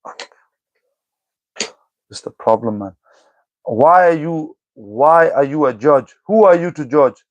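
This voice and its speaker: A young man with a fairly high voice reads his live chat aloud and snaps back at the commenters. He sounds exasperated and scolding, and the sound is close and dry with no room around it. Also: expressive, unhurried, no echo, dull audio. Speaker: livestreamer answering chat. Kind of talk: live chat reading and replying.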